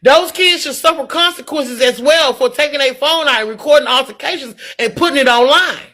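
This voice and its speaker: Middle-aged woman live streaming, dead serious and preachy, sharp bright voice, keeps repeating herself. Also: high voice, a little fast. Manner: earnest, preachy, repeats words when worked up. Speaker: livestreamer reading viewer comments. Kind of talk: candid live-stream talk.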